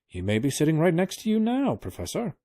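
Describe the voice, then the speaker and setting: Guy putting on a jittery old secretary, fretful, kinda high. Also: brisk, no room sound. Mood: earnest. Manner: excitable, fretful. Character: timid anxious old male secretary.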